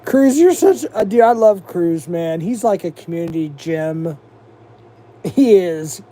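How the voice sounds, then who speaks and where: Mellow-voiced profane livestream host. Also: male voice, high-pitched, expressive, measured pace. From United States. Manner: profane, rambling, mocking. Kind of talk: casual livestream rant.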